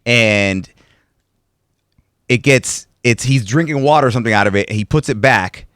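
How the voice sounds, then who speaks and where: A man talking in a relaxed, casual way, walking through film scenes in animated detail. His voice sits in a middle range. It is recorded close and dry, with no room sound. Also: medium pitch, normal speed, smooth, no echo. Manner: animated storyteller, retells movie scenes at length. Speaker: podcast co-host. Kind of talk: casual chat about movies.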